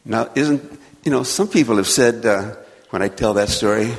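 A man telling a children's story in church, a folksy, gently joking storyteller. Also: lowish voice, moderate pace, gravelly. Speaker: children's sermon speaker. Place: church sanctuary. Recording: long church reverb.

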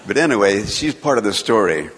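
A man telling a children's story in church, a folksy, gently joking storyteller. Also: fairly low pitch, a little hiss or hum. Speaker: children's sermon speaker. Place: church sanctuary. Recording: long church reverb.

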